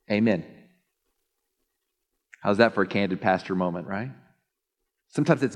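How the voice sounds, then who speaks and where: Male pastor preaching, jokey and animated, mid-pitched voice, big hall echo. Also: brisk, long pauses. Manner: animated, jokey, mimics others in high voices. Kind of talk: sermon. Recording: long hall reverb.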